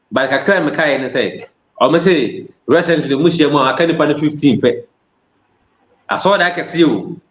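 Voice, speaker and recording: Ghanaian man preaching in an echoey room. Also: on the high side. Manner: switches between Twi and English phrases. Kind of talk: sermon.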